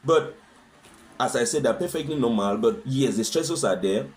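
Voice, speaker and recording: A man's voice: mid-range voice, lively intonation, normal speed. A man talking as a guest in a conversational interview, earnest and fond of rhetorical questions. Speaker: husband sharing his experience as a guest.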